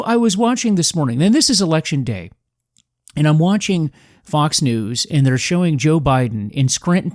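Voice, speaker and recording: A man's voice: on the high side, a little mellow, no room sound, studio quality. Emphatic man hosting a political podcast. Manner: emphatic, combative, preachy. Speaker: podcast host. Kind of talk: political commentary monologue.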